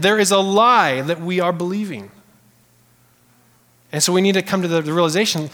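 A man preaching a sermon in a church sanctuary, animated and conversational, calling out to the congregation. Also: high-pitched, normal speed, big-room sound. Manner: animated, conversational preaching with audience call-outs. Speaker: pastor.

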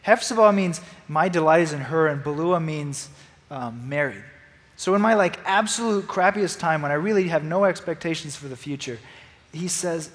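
A young man giving a casual, excitable sermon, rambling with lots of restarts and "like". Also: fairly high pitch, moderate pace, big-room sound. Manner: excitable, rambling, laughs and restarts, says "like" a lot. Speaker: youth preacher.

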